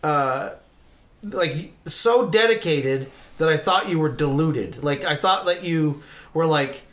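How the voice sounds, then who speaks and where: A middle-aged man hosts a loose, conversational interview. He tells long, rambling stories with lots of fillers and the odd swear word, and his voice sits a little high for a man. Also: slow pace. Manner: rambling, animated storytelling with profanity. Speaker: podcast host.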